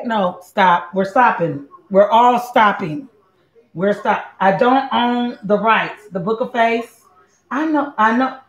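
Woman, cooking show host, chatty and playful, slightly high voice, echoey lo-fi recording. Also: slow. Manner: playful, chatty, talks straight to viewers. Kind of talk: casual live cooking chat. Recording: echoey room, dull lo-fi sound.

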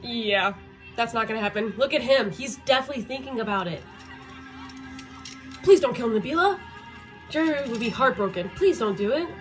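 A young woman hosting a reaction video, excitable and swearing, pleading with the characters on screen as she comments live. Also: a little high, moderate pace, long pauses, soft background music.

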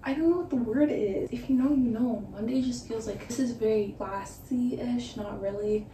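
A woman's voice: a little high, normal speed, warm tone, far from the mic. A young woman vlogging her outfits in a casual, rambling way full of fillers. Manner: chatty, rambling with lots of "like" fillers. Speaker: fashion vlogger. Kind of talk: casual outfit try-on vlog. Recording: roomy, echoey room from off the mic with noise.

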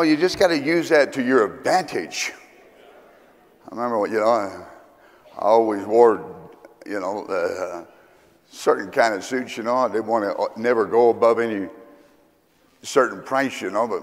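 A male pastor from Kentucky with a Southern accent, telling rambling, humorous stories in a sermon, often pausing with fillers. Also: lowish voice. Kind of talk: storytelling sermon. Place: church sanctuary. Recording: reverberant church hall.

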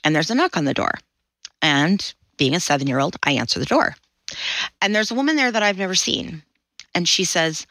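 A woman's voice: on the low side, lively intonation, moderate pace, bright, forceful tone, dry recording, rough recording. A woman in her forties, a podcast guest, vividly telling a personal story and acting out the voices she quotes. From Washington State, USA.

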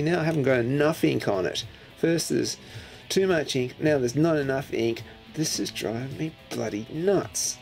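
A man's voice: mid-range voice, vocal fry, darkish tone. A man narrating his own printmaking troubles in a studio vlog, wry and self-mocking, grumbling and swearing at his press. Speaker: printmaker demonstrating his process. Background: faint guitar music.

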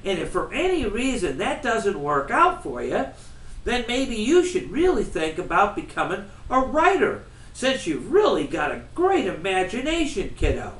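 Brief: middle-aged dad, amused and firm, read by a man, lively voice, roomy. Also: high voice, normal speed, voice pushed up, heavily acted. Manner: warm, firm parental tone. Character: good-humored middle-aged father. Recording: roomy, from far off.

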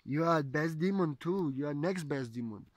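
A man's voice: on the high side, lively intonation, normal speed, no echo. A man telling of a proud demon king. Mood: calm.

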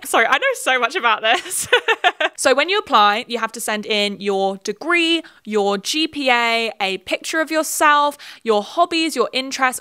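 A woman's voice: a little high, sharp tone, clean tone. A young woman giving a casual commentary video, chatty and full of laughing asides. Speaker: video essayist.

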